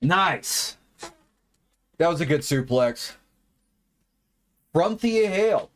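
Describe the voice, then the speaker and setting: A man's voice: a little high, animated, slow pace. A man giving casual, wry live commentary while watching wrestling, swearing now and then. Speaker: watch party host.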